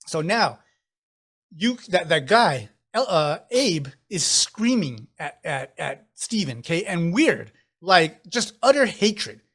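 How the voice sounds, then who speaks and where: High-pitched guy running a tabletop game, animated, laughs a lot. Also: slow pace, slightly rough. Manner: animated, laughs often, repeats words. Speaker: game master.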